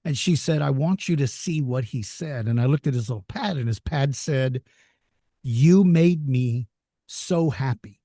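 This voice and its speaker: A man telling lively stories as an interview guest, laughing easily and acting out excited children. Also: medium pitch, unhurried, no room sound, clean studio sound. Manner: animated storyteller, laughs easily, voices excited kids. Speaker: interview guest, dinosaur educator. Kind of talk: storytelling in a casual interview.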